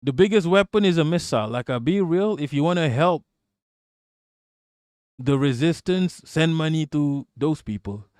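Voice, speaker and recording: A male live streamer with a somewhat high voice rants at his chat in a loose, rambling, profane flow. He is blunt and laughs often between remarks. The sound is dry and close, with little room around it. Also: expressive, moderate pace, darkish tone, smooth, no room sound. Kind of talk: live-stream political commentary.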